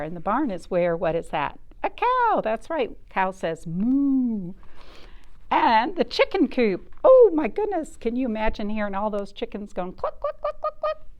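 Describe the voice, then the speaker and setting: Animated woman reading a storybook to kids. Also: mid-range voice. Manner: animated, asks the listeners questions. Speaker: children's librarian. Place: library.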